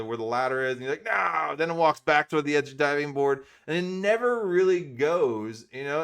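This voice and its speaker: A middle-aged man rambles through casual crypto commentary, full of fillers and little self-deprecating laughs. His pitch sits mid-range for a man but swings in a lively, animated way. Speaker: crypto vlog host.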